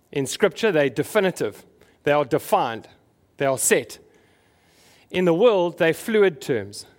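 A man preaching a conversational sermon to his congregation, asking them questions as he goes. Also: on the high side. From South Africa. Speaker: pastor.

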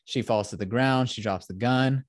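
A man's voice: mid-range voice, normal speed, dry recording, clean studio sound. A young man hosting a podcast, giving a rambling, profane retelling of a film plot in casual chat. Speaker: podcast host.

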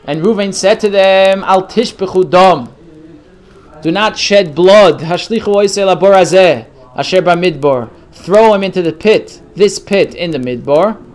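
A man's voice: sits high, unhurried. A man leading a text study class, reading each Hebrew phrase and then translating it. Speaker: Torah teacher.

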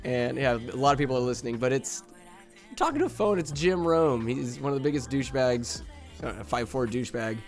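Dude from norcal doing a rambly crude comedy podcast, laughs a lot. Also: male voice, medium pitch, steady tone, a little fast, faint music behind. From Northern California. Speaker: podcast host.

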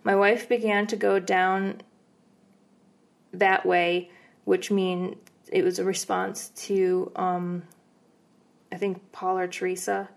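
A woman's voice: mid-range voice, slow pace, gravelly, long pauses. A woman co-hosting a podcast, casually recounting ghost stories with fillers and easy laughs. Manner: relaxed, rambling with fillers and laughs. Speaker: podcast co-host. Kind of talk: casual storytelling chat.

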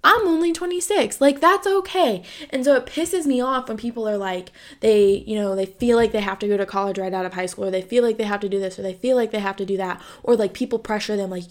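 A woman's voice: mid-range voice, fairly quick. A woman in her twenties hosting a podcast, talking frankly about her own life, with many "like" fillers and free swearing. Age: 20s. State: has the hiccups. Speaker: podcast host. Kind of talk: candid personal monologue.

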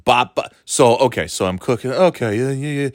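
A man in relaxed, casual chat, joking, rambling and making up silly words. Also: medium pitch, normal speed, dry recording, clean studio sound.

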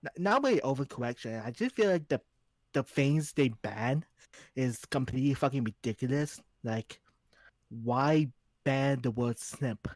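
A man's voice: mid-range voice, animated, a little slow, no echo. Man, podcast guest, blunt, swears a lot, exasperated, dry close sound. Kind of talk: casual chat.

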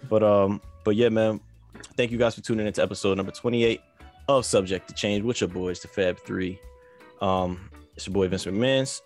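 A man's voice: on the low side, fairly even intonation, fairly quick, a little mellow, soft background music. A man co-hosting a podcast in laid-back, slangy, rambling casual chat. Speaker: podcast co-host.

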